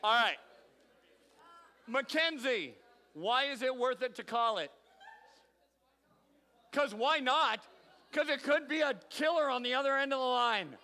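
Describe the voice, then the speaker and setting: Upbeat youth pastor in a big hall. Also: male voice, very high-pitched, measured pace, long pauses, bright, forceful tone. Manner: upbeat, calls on teens by name, playful teasing. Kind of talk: leading a youth group game. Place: large hall with audience. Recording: long reverb from a large hall.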